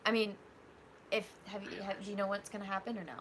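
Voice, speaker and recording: A woman's voice: medium pitch, little pitch movement, fast talker, slight background noise. A young woman co-hosting a casual livestream chat, talking in an earnest, chatty, rambling way. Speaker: podcast co-host.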